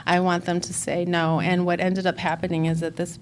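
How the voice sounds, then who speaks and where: A woman's voice: fairly low pitch, flat delivery, fairly quick, slight background noise. A woman speaking at a recovery conference, sharing her personal story candidly and reflectively, with fillers and restarts. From Chicago.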